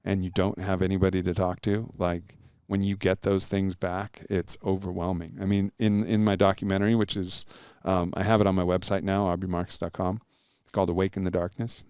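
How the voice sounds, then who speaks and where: Podcast guest, middle-aged man, smooth and resonant, earnest storyteller. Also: sits low, little pitch movement, fairly quick, few pauses, a little mellow, no room sound, clean studio sound. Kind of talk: casual interview chat.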